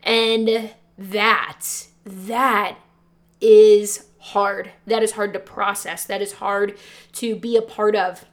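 A young woman who teaches and hosts a podcast, recounting a hard time from her own life. She talks in an earnest, emotional way and often says "like". Her voice sits at a middle pitch. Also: level tone, slow pace. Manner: earnest, emotional, frequent "like" fillers. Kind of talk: personal storytelling podcast.

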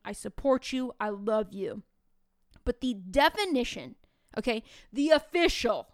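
A woman in her thirties, a teacher co-hosting a podcast, telling classroom stories with lively, acted-out dialogue. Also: on the high side, clean tone, no room sound, clean studio sound. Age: 30s. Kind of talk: casual podcast chat.

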